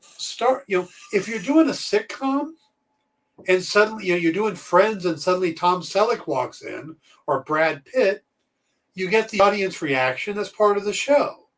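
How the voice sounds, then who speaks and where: Chatty opinionated guy on a podcast, voice kinda high, sits back from the mic a bit. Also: expressive, a little slow, distant mic. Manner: chatty, opinionated, rambling with fillers. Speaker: podcast co-host. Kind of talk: casual chat.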